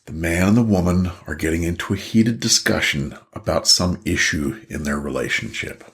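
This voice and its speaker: A man's voice: low voice, expressive, moderate pace. An older man, a couples therapist, talking casually to the camera and acting out a couple's argument as he tells it. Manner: storytelling, acts out both partners' voices.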